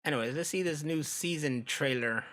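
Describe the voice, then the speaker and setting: An American streamer with a fairly high, sharp and forceful voice rambles casually as he reacts to videos. He talks in a loose, profane way and laughs often. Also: normal speed. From United States.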